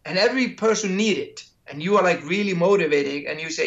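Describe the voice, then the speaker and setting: A man with a high voice shares lessons from his career in a relaxed interview. He acts out conversations and restarts and repeats phrases as he thinks. The recording sounds dull and lo-fi. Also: brisk, gravelly, hardly any pauses. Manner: acts out imagined dialogues, repeats words, restarts. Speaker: interviewee, creator and entrepreneur. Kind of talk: casual interview storytelling. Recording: dull lo-fi audio.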